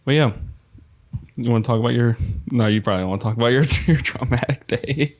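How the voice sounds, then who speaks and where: A man's voice: medium pitch, a little fast. A young man in his twenties hosting a podcast, chatting casually and joking around with a loose, swearing manner. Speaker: podcast host. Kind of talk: casual chat.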